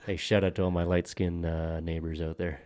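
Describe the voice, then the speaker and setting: A man's voice: deep voice, flat delivery, normal speed, darkish tone. A young man co-hosting a podcast, rambling and joking crudely in casual banter with lots of fillers and laughs. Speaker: podcast co-host.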